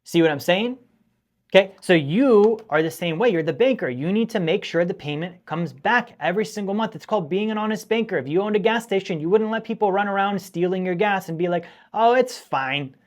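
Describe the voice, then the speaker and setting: A man's voice: sits high, fairly quick. A man hosting a finance show, teaching straight to the audience in an emphatic, scolding way that repeats points for stress. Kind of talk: direct-to-camera teaching monologue.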